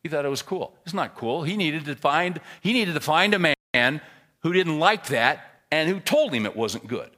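Male pastor, sermon delivery, lively pitch, punchy emphasis dropping to low asides. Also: moderate pace. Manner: animated storyteller, swings from loud emphasis to quiet asides.

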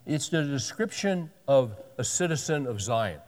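A man in his sixties delivers a sermon in a relaxed, folksy way. He reads scripture with rising emphasis and drops in wry, joking asides. His voice carries a long reverb, as if he is filling a large hall. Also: mid-range voice, a little slow. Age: 60s. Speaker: pastor.

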